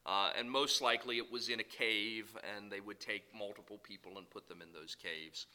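Bright-voiced man preaching. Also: lowish voice, moderate pace, rough recording. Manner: animated storytelling, swings between loud bursts and soft asides. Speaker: pastor. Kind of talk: sermon.

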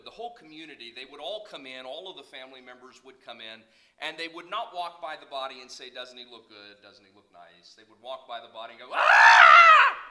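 A middle-aged man preaching a sermon, telling stories with sudden loud bursts and soft asides. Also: a little high, rough recording. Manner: animated storytelling, swings between loud bursts and soft asides. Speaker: pastor.

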